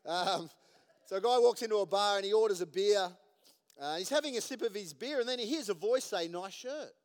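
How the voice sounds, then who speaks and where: A male pastor preaching a sermon in a high voice that rises and falls with lively swings. He mixes in jokes and laughs at them himself. His voice carries the long reverb of a church hall. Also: a little fast.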